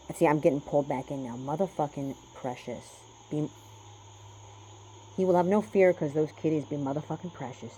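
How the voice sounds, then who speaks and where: A man's voice: medium pitch, warm tone, a little hiss or hum, poor audio. A man rambling through a spiritual card reading, swearing often and lecturing his listeners. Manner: profane, preachy, talks to himself. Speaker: spiritual vlogger doing a reading.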